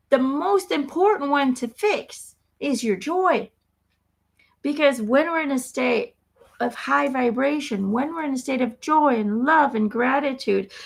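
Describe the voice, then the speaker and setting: Woman, spiritual host, high voice with a gravelly edge, emphatic and repetitive. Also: a bit bright. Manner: emphatic, repetitive, frequent "okay?". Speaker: spiritual channeler. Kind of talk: live motivational talk.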